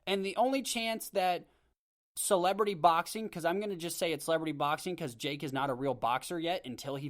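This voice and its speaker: Man, podcast host, ranting, blunt opinions, rambling restarts, slightly high voice, home mic. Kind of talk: casual opinion monologue.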